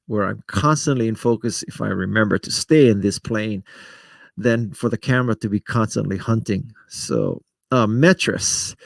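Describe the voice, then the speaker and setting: A man's voice: medium pitch, creaky, no room sound. A middle-aged man hosting a live stream, chatting casually and self-deprecatingly as he answers viewers by name. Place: home studio setup in front of a camera.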